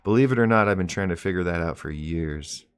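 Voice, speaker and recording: A man in his forties hosting a live mindset stream, explaining ideas in plain terms with a relaxed, joking manner. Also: sits low, a little fast, clean tone. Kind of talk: live stream talk and teaching.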